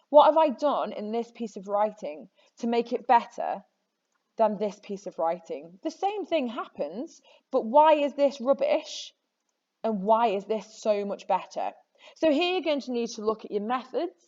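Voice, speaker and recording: A woman's voice: a little high, expressive, moderate pace, dark tone. A woman teacher talking through a lesson in a chatty, encouraging way, often stopping to correct herself. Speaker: English teacher. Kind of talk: recorded classroom lesson. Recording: slightly dull lo-fi audio.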